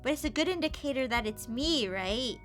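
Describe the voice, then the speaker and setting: Cutesy lady gaming streamer, kinda high voice, gushes at everything, mutters and whispers sometimes. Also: expressive, moderate pace. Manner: playful, gushing, cutesy; slips into soft whispers and mutters. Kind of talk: casual gameplay commentary. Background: game music.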